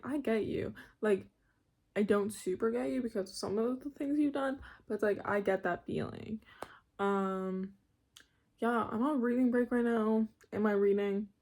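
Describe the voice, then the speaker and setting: A woman's voice: medium pitch, darkish tone. Rambling young woman ranting in her room. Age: young adult. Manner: rambling, self-interrupting, laughs often. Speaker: vlogger. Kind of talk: casual rambling rant. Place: her bedroom.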